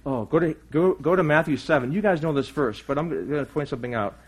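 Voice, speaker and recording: A man preaching a sermon as pastor. He speaks earnestly, puts questions to his congregation, and moves between loud emphatic lines and quiet asides. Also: fairly high pitch, quick pace, breathy edge.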